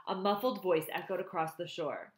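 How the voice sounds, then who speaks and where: There's a roomy echo as a woman with a fairly low voice reads from a novel at a moderate pace. Occasionally she breaks off to offer her thoughts on the plot.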